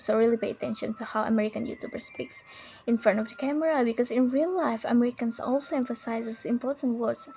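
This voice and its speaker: Mellow young woman reciting a pronunciation tutorial. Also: on the high side, a little hiss or hum. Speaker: English learner giving pronunciation tips. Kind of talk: recited tutorial monologue imitating a video.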